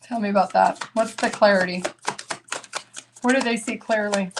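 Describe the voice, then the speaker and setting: A woman's voice: mid-range voice, steady tone, normal speed, noisy background. A woman giving a live tarot reading, chatting casually and breaking into laughter often. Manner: casual, laughs a lot, talks to herself. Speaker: tarot reader.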